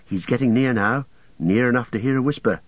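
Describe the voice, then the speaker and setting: A cautious, firm young hobbit speaks in a steady, somewhat raised voice, voiced by a man reading a storybook. His delivery stays measured and hushed. The recording is slightly dull. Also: mid-range voice, no room sound, pitched above the performer's own voice, lightly acted. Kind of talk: audiobook character voice.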